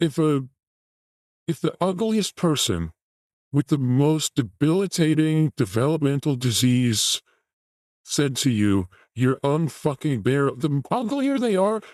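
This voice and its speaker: Male host, higher-pitched, animated crude mockery, dead-dry room. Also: no echo. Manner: mocking, crude, ranting. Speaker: host reacting to a video clip. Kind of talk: commentary on a clip.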